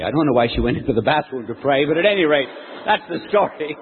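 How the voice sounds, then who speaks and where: An older male preacher tells a folksy sermon story, stopping to quiz the crowd. His voice is slightly husky and swings widely in pitch. The sound is thin and phone-like, with a long echo from a large hall. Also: quick pace. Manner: animated, folksy storyteller who quizzes the audience.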